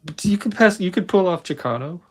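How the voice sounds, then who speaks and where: A man hosting a casual panel chat, teasing and wisecracking with quick asides. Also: sits high, expressive, slightly rough, faint music behind. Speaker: host.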